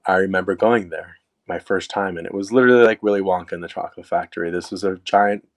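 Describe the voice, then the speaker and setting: A young man telling a personal story in a casual, animated way, acting out quoted lines. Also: low-pitched. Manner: casual, animated retelling with quoted asides and fillers. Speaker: storyteller guest.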